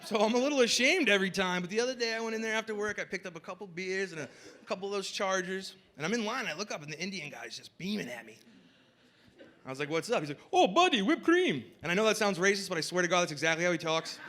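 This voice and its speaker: High, bright-voiced young stand-up comedian. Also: male voice, fast, slight background noise. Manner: loose, rambling delivery full of "like"; shouts over the crowd at times. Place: comedy festival stage with live audience.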